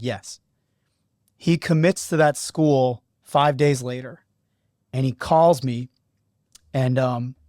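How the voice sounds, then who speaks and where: A man hosting a podcast who coaches high school lacrosse, telling stories in an animated, earnest way. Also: no echo, studio quality. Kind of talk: casual podcast storytelling.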